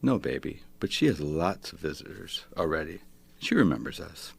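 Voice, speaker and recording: A man voicing a gentle, soothing mother. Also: very deep voice, sing-song, normal speed, creaky, breathy edge, heavily acted. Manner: soft, reassuring.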